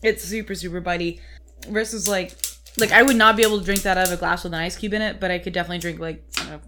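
A chatty woman in a casual chat over whiskey, talking with lots of fillers and animated asides. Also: fairly low pitch, racing, slight background noise.

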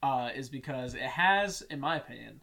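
A man's voice: mid-range voice, animated, normal speed, vocal fry, bright, forceful tone. A young man co-hosting a casual chat, enthusiastic and swearing freely. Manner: enthusiastic, profane. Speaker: podcast co-host.

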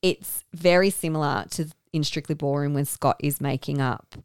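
A woman's voice: deep voice, fairly even intonation, normal speed, clean tone, no room sound, clean studio sound. A woman co-hosting a casual podcast, talking about films enthusiastically and giggling often. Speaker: podcast co-host. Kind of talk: casual film discussion.

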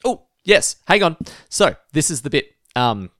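A man's voice: a little high, very animated, unhurried, a bit bright, dry recording, clean studio sound. A man co-hosting a podcast in a casual, self-mocking chat, chuckling at himself. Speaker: podcast co-host. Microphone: home mic stand.

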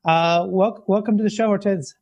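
A man's voice: sits high, steady tone, moderate pace, darkish tone, dry recording, dull audio. Chatty self-deprecating male podcast host. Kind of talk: casual show intro and interview.

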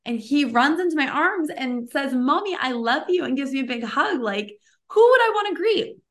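A woman podcast host in her thirties, talking in a loose, chatty interview style. She gushes freely and strings her thoughts together with plenty of "like"s and quick restarts. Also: high-pitched, expressive. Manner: chatty and effusive, many "like"s. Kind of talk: casual interview chat.

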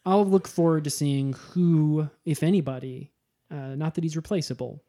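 Podcast co-host, male, mellow dark tone, rambling comedic delivery. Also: a little high, a little slow. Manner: rambling, animated, swears freely.

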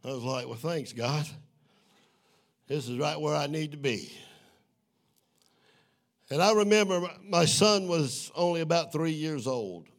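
Gravelly preacher man. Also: fairly high pitch, a little slow, long pauses. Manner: swings from hushed storytelling to shouted preaching. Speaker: evangelist. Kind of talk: testimony sermon.

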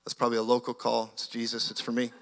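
A man preaching an energetic sermon as a guest preacher, moving between loud exclamations and hushed storytelling. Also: medium pitch, fast, vocal fry, a little hiss or hum. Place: church sanctuary. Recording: long church hall reverb.

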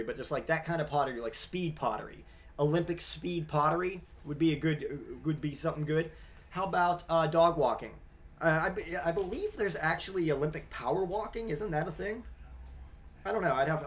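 A man hosting his own podcast, ranting in a casual comedic way and swearing almost every other word. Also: on the high side. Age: adult father. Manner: profane, rambling, swears constantly. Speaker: podcast host.

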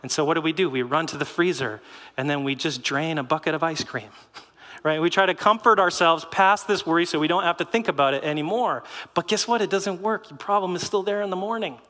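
A middle-aged man giving a sermon in a lively, conversational way, with rhetorical questions and short laughs. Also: fairly high pitch, fairly quick, long reverb tail. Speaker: pastor.

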